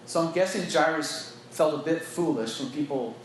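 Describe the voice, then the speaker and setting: A man's voice: a little high, normal speed, roomy sound, a little hiss or hum, rough recording. A man giving an earnest, reflective Bible teaching to church staff, talking conversationally, recorded on a phone in a meeting room.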